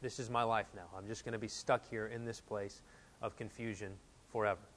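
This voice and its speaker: A man in his thirties preaching a sermon, earnest and animated, reading quotes aloud and telling stories from home. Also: lowish voice, brisk. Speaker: pastor.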